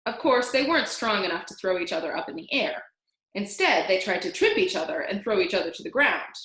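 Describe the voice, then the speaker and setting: A woman reading a children's book aloud, animated and singing out the sound effects. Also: mid-range voice, brisk. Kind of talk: read-aloud storytelling. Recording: roomy echo.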